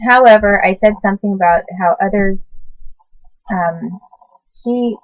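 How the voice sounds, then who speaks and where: A woman in her forties recalling the past in a casual, halting way, often stopping to correct herself and search for words. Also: mid-range voice, no room sound. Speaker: recalling past babysitting work. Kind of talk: casual personal recollection to camera. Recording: dull lo-fi sound.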